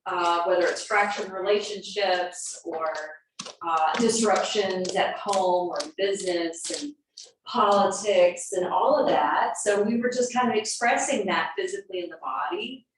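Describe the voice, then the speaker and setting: A woman's voice: mid-range voice, a little slow. Middle-aged woman yoga teacher, casual rambling dharma talk full of ums; heard from across a very echoey studio. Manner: chatty, meandering, with frequent ums and uhs. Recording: echoey studio from a distance, faint noise.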